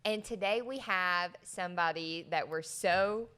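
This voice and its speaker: A woman's voice: on the low side, unhurried, pushed and bright, a little hiss or hum. A woman co-hosting a podcast, bubbly and joking, laughing often as she sets up the interview. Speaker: podcast co-host.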